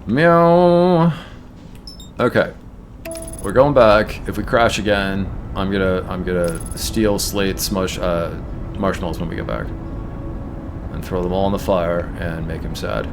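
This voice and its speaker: A man's voice: deep voice, gravelly. A man streaming a game, chatting casually and musing aloud about words as he plays. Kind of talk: casual gameplay commentary.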